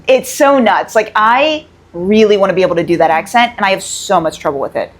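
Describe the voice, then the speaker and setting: A woman's voice: mid-range voice, expressive, fairly quick. A woman hosting a podcast, asking teasing, curious questions in casual chat. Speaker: podcast host.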